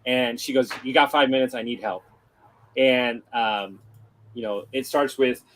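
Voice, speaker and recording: A man on a podcast chat, telling a lively story, playing out both sides of a conversation and swearing casually. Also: mid-range voice, moderate pace, a little hiss or hum, rough recording. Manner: animated storyteller, acts out dialogue, swears freely. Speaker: guest.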